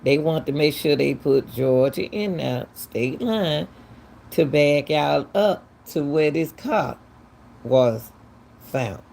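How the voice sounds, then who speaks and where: A woman's voice: sits low, animated, slow pace, gravelly, darkish tone, slight background noise. A woman, hosting casual true-crime commentary, talking emphatically and firing off repeated, incredulous questions. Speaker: commentary channel host.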